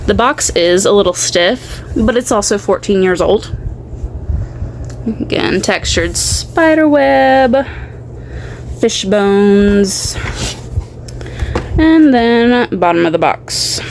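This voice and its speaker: Woman rambling thru a doll unboxing at home, slow easygoing talk, faint room hum. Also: medium pitch, expressive, vocal fry, rough recording. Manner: chatty, rambling. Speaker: doll unboxing channel host. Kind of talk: casual unboxing chat.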